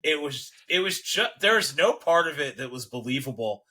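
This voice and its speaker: A man's voice: fairly high pitch, lively intonation, moderate pace, pushed and bright. A man co-hosting a podcast, making blunt, dry remarks in a casual movie chat. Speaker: podcast co-host.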